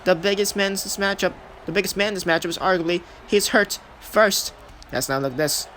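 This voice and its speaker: Bright, excitable young man calling wrestling. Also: high voice, fairly quick, slight background noise. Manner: hyped, shouts at big moments, repeats himself. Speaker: play-by-play commentator of a video game.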